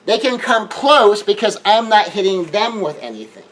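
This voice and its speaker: A man's voice: high-pitched, lively intonation, fairly bright tone, low-quality recording. A man giving earnest relationship advice in a monologue, often repeating words as he builds a point. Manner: earnest, repeats words when rushing, acts out quoted scenes.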